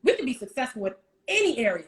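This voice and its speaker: A woman relationship coach talking in a casual chat, animated and quick to laugh, acting out little quoted scenes. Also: sits high. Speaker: wife coach, guest. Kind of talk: casual chat on a virtual show.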